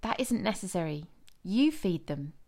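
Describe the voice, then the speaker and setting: Calm firm male teacher, as a woman reads him, earnest, scripture reading. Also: lowish voice, normal speed. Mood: gentle.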